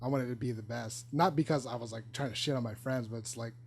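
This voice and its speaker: A man's voice: mid-range voice, fairly even intonation, fast talker, creaky, breathy edge. A young adult man, a guest on a casual podcast, talking things over reflectively and leaning hard on "like" as a filler. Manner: reflective, loose, heavy use of "like".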